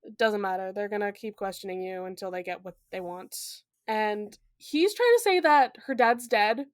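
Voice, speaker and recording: A woman's voice: mid-range voice, normal speed, dry recording, clean studio sound. A young woman co-hosting a podcast, chatting casually about a book with playful asides and frequent laughter. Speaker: podcast co-host. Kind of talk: casual book-discussion chat.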